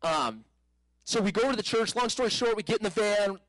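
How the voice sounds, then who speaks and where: Man, higher voice, dry close sound, animated casual testimony with laughs and restarts. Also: fairly quick, no echo, poor audio. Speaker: speaker telling a personal testimony.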